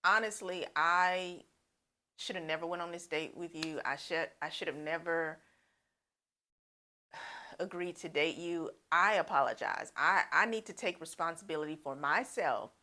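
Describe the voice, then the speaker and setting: A young lesbian woman speaking earnestly and directly, her voice low and full, as a woman acts her out. She is candid, pleading to be understood. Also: a little slow, pushed and bright. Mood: frustrated.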